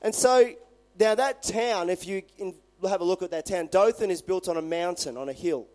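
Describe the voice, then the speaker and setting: High-voiced preacher, animated sermon. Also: male voice, normal speed. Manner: conversational, animated retelling. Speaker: pastor. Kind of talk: sermon with scripture reading.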